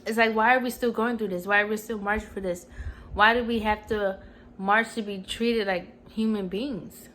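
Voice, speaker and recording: A woman's voice: medium pitch, fairly even intonation, normal speed, fairly bright tone, a little hiss or hum, rough recording. A woman in her twenties talking casually and earnestly to her camera at home, rambling with many "you know"s. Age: 20s. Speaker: vlogger. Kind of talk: casual personal vlog. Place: at home, TV on mute.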